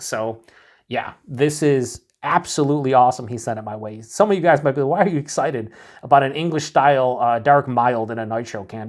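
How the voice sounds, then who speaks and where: A man reviewing beer mail on his channel, talking casually and enthusiastically, rambling and thinking out loud as he unpacks bottles and cans. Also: a little high. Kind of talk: casual unboxing chat.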